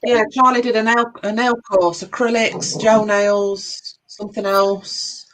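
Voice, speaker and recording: A middle-aged woman chatting casually on a live stream, relaxed, a little hesitant and giggly. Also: medium pitch, a little slow, a little hiss or hum, low-quality recording. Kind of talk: casual chat.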